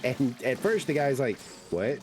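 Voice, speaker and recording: A man's expressive, mid-range voice has a darkish tone and a measured pace. While streaming a game, he chats casually and rambles through stories full of fillers.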